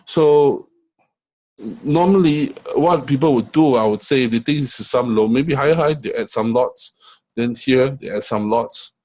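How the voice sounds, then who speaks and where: Middle-aged male trading coach, husky, conversational screen-share lesson. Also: medium pitch, normal speed, darkish tone, poor audio. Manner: conversational, many fillers and "right?" checks.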